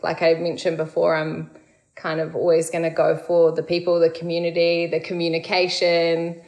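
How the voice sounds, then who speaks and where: A woman's voice: lowish voice, monotone, normal speed, darkish tone, low-quality recording. A woman in her thirties, chatty and laughing easily, a guest in casual conversation.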